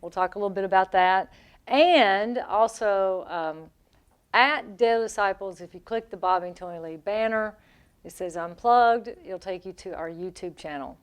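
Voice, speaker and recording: A woman from the American South co-hosts a radio show, chatting playfully and talkatively with quick asides. Her mid-range voice is smooth and carries a Southern US accent.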